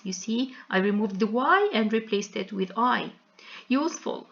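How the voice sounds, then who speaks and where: A woman teaching an English grammar lesson in a slow, explanatory way, spelling out word endings letter by letter. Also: fairly high pitch, sing-song, vocal fry, a bit bright, highs cut off.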